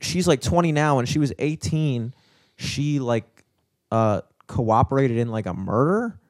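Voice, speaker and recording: An excitable young man in casual podcast chat, curious and laughing a lot. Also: mid-range voice, measured pace, no echo, studio quality.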